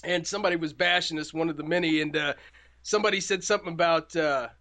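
Indiana man, high bright voice, rowdy co-host of a ghost radio show. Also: fairly even intonation, fast. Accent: Indiana twang. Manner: boisterous, calls people brother. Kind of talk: paranormal radio show banter.

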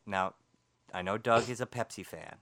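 A man's voice: fairly low pitch, normal speed, fairly bright tone. A man co-hosting a paranormal talk radio show, chatting casually and a bit rambling, often stumbling over his words.

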